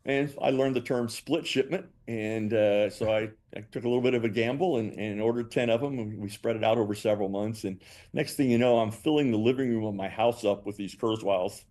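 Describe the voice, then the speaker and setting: An older man, a company founder and guest, telling animated stories and acting out both sides of past conversations. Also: fairly low pitch, brisk. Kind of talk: storytelling interview answers.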